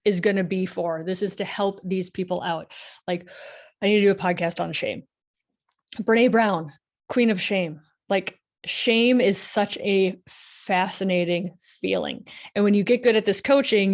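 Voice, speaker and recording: A middle-aged woman physician chats through a live-stream Q&A from her home office. Her talk is loose and conversational, full of "like", with sudden animated bursts of emphasis. She speaks into a headset mic. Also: medium pitch. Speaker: physician podcast host answering listener questions. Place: home room with bookshelf. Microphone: headphones with mic on a live stream.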